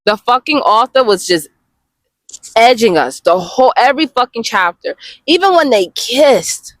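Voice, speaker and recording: Expressive woman chatting, dry close sound. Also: fairly high pitch, moderate pace, no room sound. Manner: expressive, swears freely, addresses viewers as y'all. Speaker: webcomic reviewer. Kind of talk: casual reaction review.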